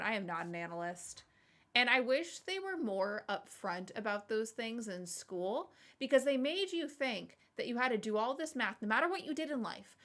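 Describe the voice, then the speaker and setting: A woman in her thirties chatting casually to stream viewers, telling rambling stories with lots of fillers and laughter. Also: a little high. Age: 30s. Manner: rambling, animated storytelling with frequent laughs and fillers. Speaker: streamer and podcast host.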